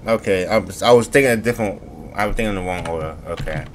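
A man's voice: low voice, fast talker, a little hiss or hum. A man giving let's-play commentary on a game, talking to himself, swearing and breaking into laughter. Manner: excitable, talks to himself, swears, bursts into laughter. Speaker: gaming streamer. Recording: game music behind voice.

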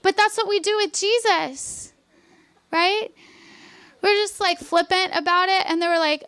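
A woman pastor with a very high-pitched voice preaches a revival sermon at a measured pace, in a dry recording. Her fervent, repeated declarations drop into soft, conversational asides.

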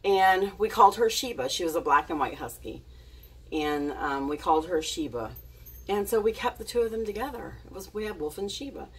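A woman's voice: lowish voice, lively intonation, a little fast, husky, far from the mic. A woman telling a casual story to her camera, chatty and giggly, with plenty of fillers and restarts. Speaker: vlogger.

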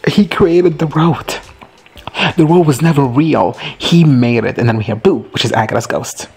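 Husky man giving a rambling, profane recap. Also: medium pitch, normal speed. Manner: rambling, profane and excitable, often laughing. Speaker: video host reacting to a TV show. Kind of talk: casual recap commentary.

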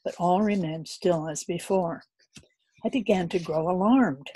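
A woman's voice: fairly low pitch, a little slow, warm tone, slight background noise. A woman narrating a classic novel as an audiobook reader, earnest and a little unpolished, with occasional slips.

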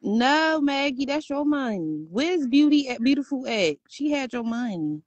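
A woman with a high voice pleads in casual livestream talk, calling the other speaker's name again and again. Her voice sounds dry and close, with little room around it. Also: very animated, measured pace, no echo, lo-fi sound. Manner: pleading, calls the host's name over and over. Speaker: livestream guest.

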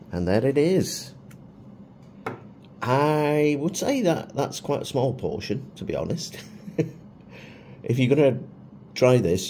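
Middle-aged man, casual food vlogger, chatty and self-deprecating, lowish pitch. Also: warm tone, a little hiss or hum. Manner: chatty and self-mocking, with chuckles. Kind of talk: casual food review vlog.

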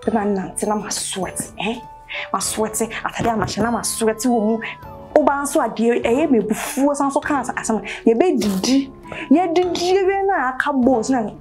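A woman's voice: fairly high pitch, a little mellow, close to an everyday voice. A woman with a Ghanaian accent playing a put-upon young intern who complains at length, mixing Twi and English. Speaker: national service trainee. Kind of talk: comic web-series acting.

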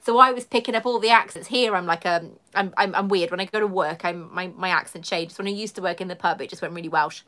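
A woman's voice: lowish voice, fast talker, few pauses, sharp tone. A woman from the London area with a southern English accent, hosting a casual live stream from home, chatting in a rambling way and reading viewer comments aloud. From London area, England. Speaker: livestream host.

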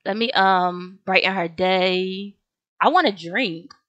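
Young woman, game commentary, casual slangy chatter to viewers, dry close sound, mid-pitched voice. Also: takes it slowly, fairly bright tone, dry recording, lo-fi sound. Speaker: gaming video host.

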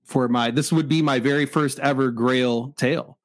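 A Michigan comic shop owner in his forties tells a story casually and with animation, acting out both sides of the exchange. His voice is medium in pitch at a moderate pace, with no echo.

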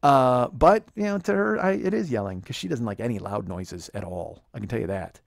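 A man's voice: lowish voice, animated, brisk, creaky, no room sound, studio quality. A man in his forties hosting a comedy podcast, ranting in a rambling, profane way and mocking people with put-on quotes. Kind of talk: casual comedic chat. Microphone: close studio microphone.

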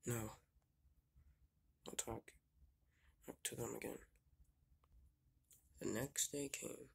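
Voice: mid-range voice, fairly even intonation, takes it slowly, gravelly, pauses often, husky. Young narrator telling a toy train story. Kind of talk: casual homemade storytelling. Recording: homemade video voice-over.

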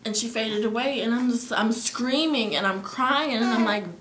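A teenage girl telling a vivid dream in casual storytelling, her voice dropping to whispers and rising to near-shouts. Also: a little high, normal speed, slight background noise. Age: teens. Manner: emotional, swings between whispers and near-shouting. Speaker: guest sharing a dream. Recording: echoey room.

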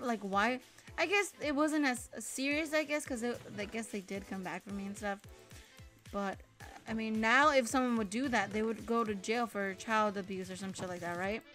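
A woman's voice: a little high, sharp tone. A young woman telling a casual story from her childhood, rambling with lots of fillers and frequent swearing. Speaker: storytime vlogger.

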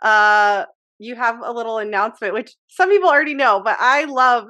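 A woman hosting an interview, chiming in with encouraging remarks and quick affirmations. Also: fairly high pitch, pushed and bright, highs cut off. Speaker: host. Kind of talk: casual interview.

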